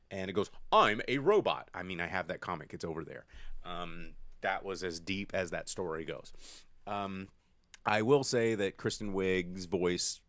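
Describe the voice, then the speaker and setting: A man co-hosting a casual movie-review podcast, rambling and animated, acting out lines in silly voices. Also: deep voice, dry recording. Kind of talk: casual chat. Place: studio.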